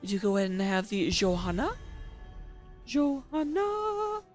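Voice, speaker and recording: A woman's voice: medium pitch, flat delivery, quick pace, faint music behind. A woman casting a live esports match as its host, chatty and playful, joking between the picks. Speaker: esports caster.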